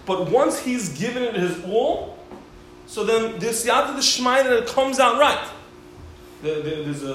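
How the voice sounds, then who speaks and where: Animated man lecturing in an echoey room. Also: on the high side. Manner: animated storyteller, acting out quoted voices. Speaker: rabbi teaching a class. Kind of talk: Torah lecture with storytelling. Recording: very echoey room, faint background hiss.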